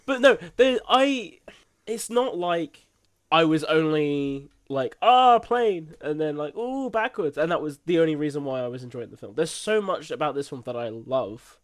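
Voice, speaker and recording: A man's voice: on the high side, a little slow. A young man co-hosting a casual film debate podcast, who teases his co-host and laughs easily.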